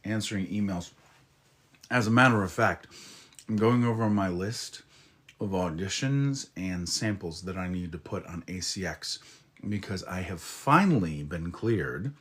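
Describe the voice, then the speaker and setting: A man chatting live with his viewers in a flirty, teasing way, drawing out his words and murmuring softly, while getting over a head cold. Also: low-pitched, lively intonation. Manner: flirty, teasing, slow drawl with soft murmurs. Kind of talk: casual live-stream chat.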